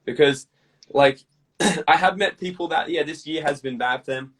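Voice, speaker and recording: A man being interviewed, talking bluntly with lots of swearing and lively storytelling. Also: fairly high pitch, normal speed, slightly rough, recorded from a distance, poor audio. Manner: blunt, profane, animated storytelling. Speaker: guest. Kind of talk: casual interview chat.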